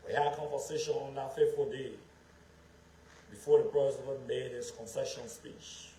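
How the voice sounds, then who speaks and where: A man's voice: medium pitch, little pitch movement, moderate pace, dark tone. A man from Liberia, giving an emphatic public speech as a political speaker and repeating his phrases for effect. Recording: echoey room with faint background ambience.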